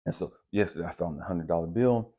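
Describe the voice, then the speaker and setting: Relaxed male host with a deep, mellow voice, telling a spiritual story like chatting with a friend. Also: fast. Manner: relaxed, conversational, uses slang like bet and dap. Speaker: channel host.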